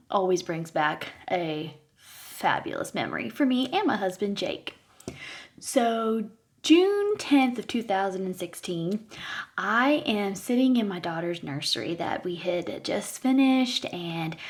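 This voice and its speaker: A woman in her thirties tells a comedic personal story straight to her viewers. She speaks with a mid-range pitch that swings widely and playfully, and she laughs often between lines. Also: darkish tone. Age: 30s. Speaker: vlogger.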